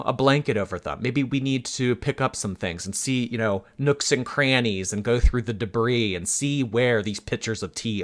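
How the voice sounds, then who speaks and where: A man hosting a chatty commentary vlog, his pitch swinging up and down as he talks. He speaks playfully and with animation, stretching out jokey asides. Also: a bit bright. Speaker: YouTube commentary host.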